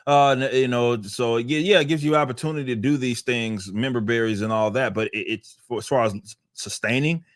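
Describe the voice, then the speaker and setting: A man's voice: mid-range voice, fairly even intonation, brisk, hardly any pauses, no room sound. A man co-hosting a casual podcast, talking in loose, rambling runs and laughing often. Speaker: podcast co-host.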